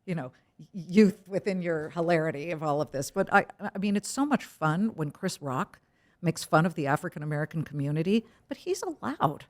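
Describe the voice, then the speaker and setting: A woman's voice: sits low, fairly quick. A middle-aged woman, a TV news anchor, speaking frankly and emphatically as an interview guest. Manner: frank, emphatic, animated storytelling. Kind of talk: casual interview conversation.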